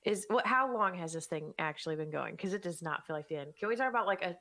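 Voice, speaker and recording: A woman's voice: fairly low pitch, expressive, fast, a bit bright. Playful, teasing woman. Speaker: podcast co-host. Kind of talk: casual chat.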